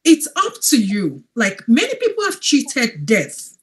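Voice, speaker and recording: Sex: woman. Role: wellness coach host. Style: testimonial chat. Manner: earnest, emphatic, lively rising and falling pitch. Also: unhurried. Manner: earnest, emphatic, repeats points. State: emotional, near tears.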